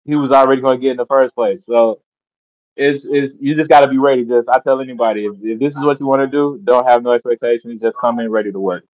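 A man's voice: medium pitch, steady tone, fast, no echo. A man, a guest in a casual interview, speaking earnestly with frequent stammered repeats. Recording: dull lo-fi call audio.

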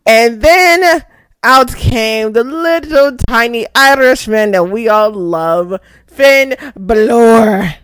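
Slow-talking excitable young woman. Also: on the high side, smooth, dry recording. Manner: excitable, laughing, swears freely. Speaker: podcast host. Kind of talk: casual wrestling recap.

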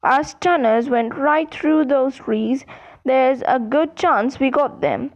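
A woman's voice: sits high, slow, dull audio. A woman doing a bold bearded wizard. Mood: eager. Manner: confident, excited. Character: bold, bearded middle-aged male wizard.

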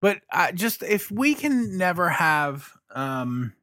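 A man's voice: high voice, very animated, takes it slowly, bright, forceful tone, dry recording, studio quality. A man co-hosting a casual movie review chat, laid-back and hesitant with many fillers.

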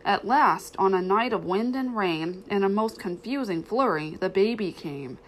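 Lady reading a kids storybook, gentle, expressive. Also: medium pitch, a little slow. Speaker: storybook reader. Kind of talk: storybook read-aloud narration.

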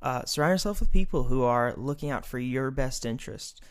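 A man's voice: mid-range voice, a little fast, clear, resonant tone. A man speaking as a podcast guest. His casual, earnest chat builds into a fired-up preaching voice.

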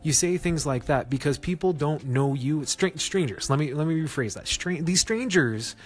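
A man hosting a casual solo gaming podcast, chatty and self-mocking, often jumping up in pitch to stress a point. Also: normal speed, soft background music. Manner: chatty, self-mocking, laughs at his own jokes; animated, jumps up in pitch for emphasis. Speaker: podcast host.

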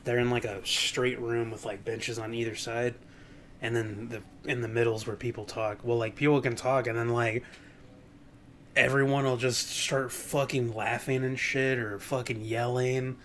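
A man's voice: flat delivery, normal speed, a bit bright. Casting: young male podcast co-host, loose rambling storyteller, faint hiss behind. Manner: rambling storytelling with bursts of high mocking voices. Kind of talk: casual chat.

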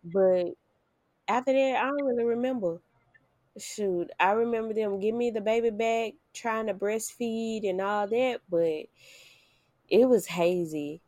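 A young woman telling her birth story casually, with lively, expressive delivery that jumps up high when she quotes herself. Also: measured pace, no echo, studio quality.

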